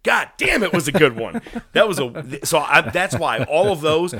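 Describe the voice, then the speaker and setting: A man with a fairly high voice speaking at normal speed co-hosts a laid-back wrestling podcast. He spins lively stories, swears freely, and mimics movie lines.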